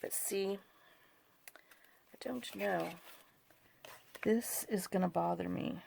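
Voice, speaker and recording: A woman's voice: mid-range voice, slow, creaky, darkish tone, a little hiss or hum. A woman, rambling and apologizing as she shows off a craft journaling project in a casual tutorial vlog, wired on too much caffeine. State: overcaffeinated. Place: home craft desk.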